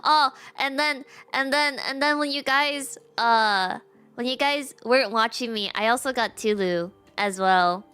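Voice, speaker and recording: Chatty young woman streamer with a high voice. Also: unhurried, sharp tone, clear, resonant tone. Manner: chatty, self-mocking, giggly asides. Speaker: game streamer. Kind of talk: casual livestream chat and reading game story aloud.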